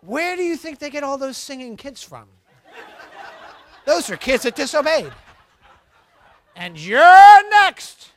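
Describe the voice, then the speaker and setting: High-voiced man preaching with comic bite. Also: normal speed, long pauses. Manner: animated, acts out scolding parents for laughs. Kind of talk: humorous sermon.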